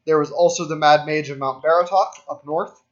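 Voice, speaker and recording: A man's voice: fairly high pitch, steady tone, a little fast. A man casually explaining things to players as game master. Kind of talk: running a tabletop game. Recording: dull lo-fi mic.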